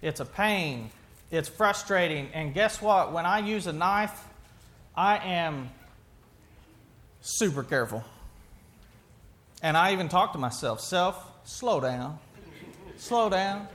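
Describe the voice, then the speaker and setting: Male pastor with a high voice, chatty sermon style, asks the room questions and restarts sentences. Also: expressive, slow pace, long pauses, fairly bright tone.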